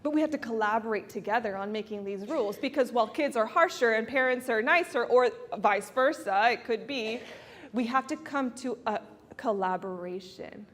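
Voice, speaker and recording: A woman's voice: on the high side, moderate pace, a little hiss or hum. A woman counselor giving an earnest, persuasive talk to a live audience, laughing often as she makes her points. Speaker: family counselor speaking at a conference. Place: event venue before an audience. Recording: long reverb in a large hall.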